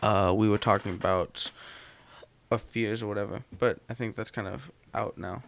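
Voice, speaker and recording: A man in casual chat, a game master telling tabletop stories in a joking, animated way. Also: lowish voice, normal speed, vocal fry, a little hiss or hum.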